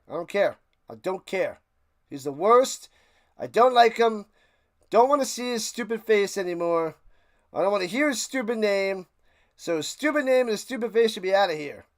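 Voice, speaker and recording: A man hosting a live game watch party stream, calling plays and ranting sarcastically to his chat. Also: high-pitched. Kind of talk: live play-by-play and casual rant.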